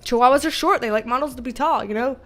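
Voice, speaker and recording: High-voiced giggly woman streaming. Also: quick pace, soft background music. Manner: giggly, chatty, easily excited. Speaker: livestream host reading chat. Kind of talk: casual livestream chat.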